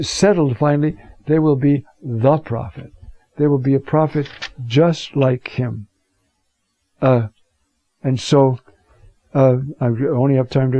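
A man, a priest, preaching a gospel sermon in a conversational, animated way, acting out quoted speakers as he goes. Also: medium pitch, no room sound. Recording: dull, lo-fi dry recording.

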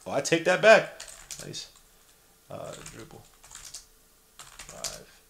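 A man's voice: on the high side, slow, gravelly. Slangy New man calling a game. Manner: animated, slangy, jokes and reads chat aloud. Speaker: podcast host giving live play-by-play. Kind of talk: casual live-stream commentary.

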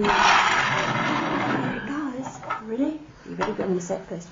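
Clinician at play with a baby, animated and very slow, dull recording with clear background noise. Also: female voice, fairly high pitch. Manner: playful, repeats toy sounds. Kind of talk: listening session with a baby.

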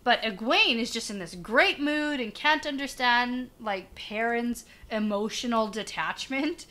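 A woman's voice: on the high side, measured pace, pushed and bright. A woman co-hosting a podcast, chatting casually about a fantasy novel, cursing now and then and voicing the characters' lines. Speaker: podcast co-host. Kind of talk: casual book discussion.

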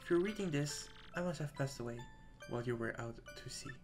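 Give me a man playing a tender young wife, earnest and gentle. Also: fairly high pitch, animated, a little fast, over music, natural voice. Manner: tender, earnest letter reading. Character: Scarlet, loving dying young wife, gentle.

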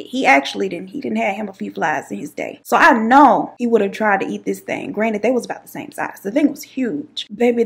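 A woman's voice: a little high, vocal fry. A woman telling a dramatic personal story to her viewers in a sassy, chatty way. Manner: sassy, dramatic, calls listeners child and girl. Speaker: YouTube storyteller.

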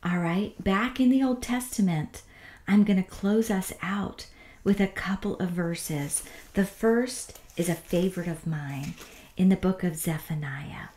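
Slow soft-spoken woman Bible teacher. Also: lowish voice, echoey room. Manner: soft, often whispery and tender delivery.

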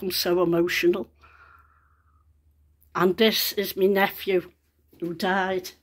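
A middle-aged woman filming a casual vlog outdoors in her back garden on a phone, chatty and excited as she calls to a bird. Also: on the low side. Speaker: vlogger.

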